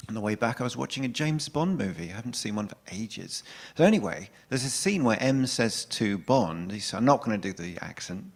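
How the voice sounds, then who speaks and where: A man in his forties giving a candid, conversational talk in a church as a guest spiritual speaker, often restarting his sentences. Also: on the low side. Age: 40s.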